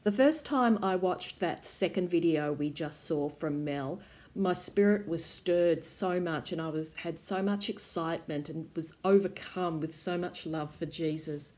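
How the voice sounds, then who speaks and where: A woman youth pastor giving a reflective devotional talk in a measured teaching manner. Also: lowish voice, a little mellow.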